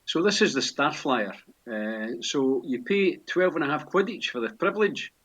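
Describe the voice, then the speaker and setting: A Scottish man in his sixties giving a relaxed, chatty walking-tour vlog, full of local slang with frequent pauses. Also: a little high. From Scotland. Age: 60s. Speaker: vlogger and tour guide. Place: outdoors on busy city streets and inside a pub. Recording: street noise and traffic behind.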